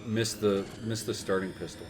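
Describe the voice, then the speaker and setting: The same kind of scene: a man in his thirties hosting a gaming show chuckles through a meandering story as he plays, stumbling over fillers and restarting sentences. He has a lowish voice with fairly even intonation at a normal speed, and the background is noisy.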